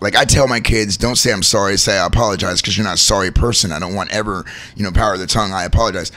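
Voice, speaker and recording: A man in his thirties, a show host and wedding DJ, telling stories in a casual, animated chat and often laughing. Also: on the low side, racing, hardly any pauses.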